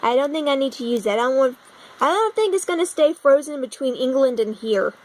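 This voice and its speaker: A young American woman, animated and brisk, narrates a casual vlog in a high voice while browsing a map on her computer and puzzling over things aloud. The low-quality recording comes from a phone propped against her laptop.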